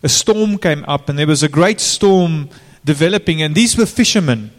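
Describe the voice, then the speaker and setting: A man's voice: a little high, animated, moderate pace. A man preaching a sermon in an informal way, turning to the congregation with direct questions. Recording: long reverb of a large hall.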